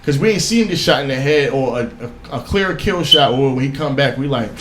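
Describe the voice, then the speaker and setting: A man co-hosting a casual podcast chat, talking in an animated, insistent way and swearing freely. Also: mid-range voice, a little fast, slight background noise. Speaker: podcast co-host. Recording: echoey room with faint ambience.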